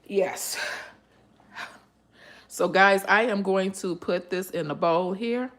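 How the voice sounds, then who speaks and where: A woman hosting a live cooking stream from her home kitchen. She talks to her viewers in an emotional way and breaks into breathy exclamations. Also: medium pitch, takes it slowly. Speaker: cooking channel host.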